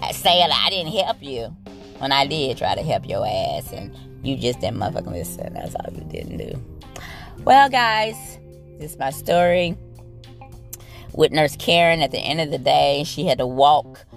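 A woman's voice: sits low, creaky. A woman who works as a nurse, telling a work story in a blunt, profane, sassy rant and talking straight to her listeners.

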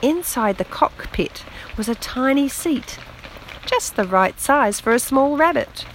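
Slow, gentle woman reading a bedtime story. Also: high-pitched, slight background noise, rough recording. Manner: slow, gentle, expressive read-aloud. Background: rain on the roof.

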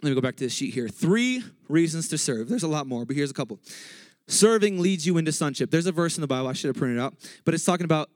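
A man preaching a casual, energetic sermon in church, joking and interrupting himself as he gets excited. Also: on the high side, fast, no room sound.

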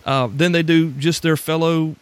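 A man hosting a podcast, telling a story in relaxed, reflective talk. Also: a little high, moderate pace, clear, resonant tone, no room sound. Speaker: podcast host. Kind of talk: casual conversation.

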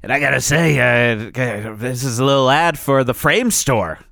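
A man's voice: medium pitch, animated, moderate pace, vocal fry, pushed and bright, dry recording, studio quality. A man co-hosting a comedy morning show, grumbling and sarcastic in improvised banter. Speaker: co-host.

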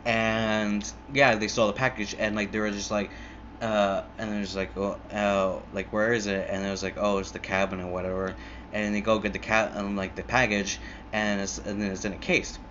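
A man's voice: on the low side, level tone, normal speed, bright, forceful tone, muffled recording, slight background noise. A young man in a casual, rambling monologue, filling every gap with "like" and swearing freely as he retells a film. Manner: rambling, filler-heavy, swears a lot. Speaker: movie fan retelling a film.

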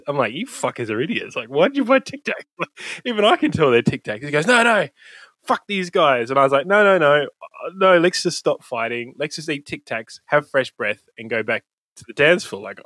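A man's voice: a little high, fairly bright tone, dry recording. An Australian man chatting as a guest on a video call from a room at home, rambling through a story with lots of laughs and swearing. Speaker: podcast host, guest. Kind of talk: casual storytelling chat.

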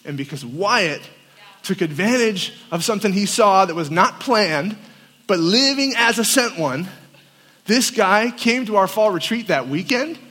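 Male campus pastor, high voice, lively storytelling sermon, echoing hall. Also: a little slow. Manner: animated storyteller acting out quotes. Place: large hall at a winter camp. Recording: long reverb of a hall.

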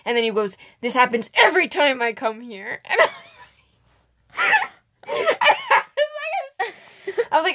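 Pausing often at a moderate pace, a young podcast co-host with a fairly high-pitched voice recounts stories from work in a casual chat. She animatedly acts out customers' lines and laughs a lot.

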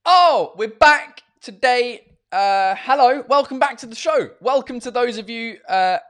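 A man with a notably high-pitched voice hosts a laid-back live-stream chat from his home. His talk is rambling and loose, full of restarts, and peppered with casual swearing. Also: expressive, a little slow, a bit bright. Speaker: host of a live beer-drinking chat show.

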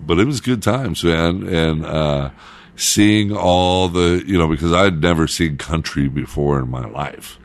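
A man's voice: low-pitched, a little slow. A middle-aged man, a radio host and former DJ, telling loose stories in casual chat and laughing as he goes.

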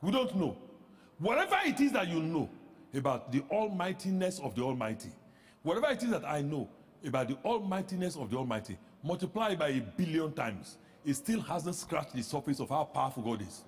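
A man pastor preaching a sermon, animated, with rhetorical questions that rise into shouts. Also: fairly high pitch, brisk, long reverb tail.

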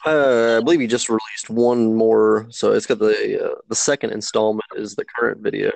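A male podcast co-host in casual political talk, calm and measured, reading details from articles. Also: fairly low pitch, creaky, no echo, poor audio.

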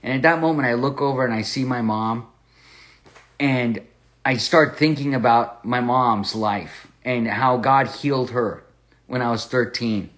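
A man of ordinary middle pitch hosts a Bible study podcast. He tells a personal story earnestly, often repeating and restarting his words as he goes. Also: measured pace, a bit bright. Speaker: podcast host and Bible teacher.

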